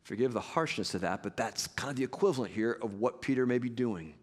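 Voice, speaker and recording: A man preaching a sermon as pastor, earnest and measured with conversational asides. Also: medium pitch, long reverb tail.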